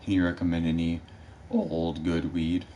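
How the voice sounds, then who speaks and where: A man hosting a casual livestream, talking in a laid-back drawl and filling pauses with "um". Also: low voice, steady tone, mellow. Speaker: livestream host.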